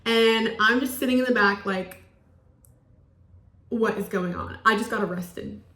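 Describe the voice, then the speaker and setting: A young woman in her twenties tells a story in a loose, chatty way, filling her lines with "like". Her voice is bright and sits a little high. The room around her rings with echo. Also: unhurried. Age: 20s. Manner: chatty, peppered with "like", acts out quoted lines. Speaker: college student. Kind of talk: casual storytelling. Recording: roomy echo.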